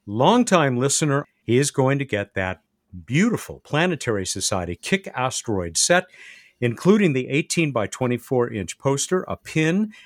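Man, radio host, animated pitch, dry close sound, bantering. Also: moderate pace, no room sound. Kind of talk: radio hosting.

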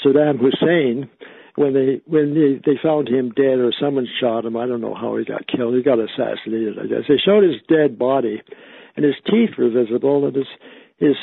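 Male interview guest on the phone: gravelly, halting, dry narrow phone sound. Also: medium pitch, no echo. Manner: halting, with many fillers and restarts. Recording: tinny phone line.

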